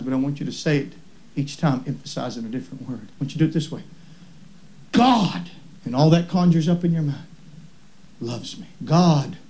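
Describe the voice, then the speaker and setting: A man preaching a sermon, stretching out each word and building up to shouting. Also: a little high, low-quality recording. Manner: slow, drawn-out emphasis on each word.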